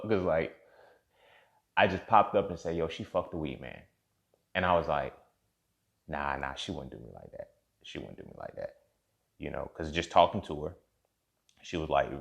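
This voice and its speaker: A man's voice: rumbling low, gravelly. A young man, candidly telling a personal story in a casual monologue and acting out the dialogue. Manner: candid and profane, reenacting dialogue, heated in spots.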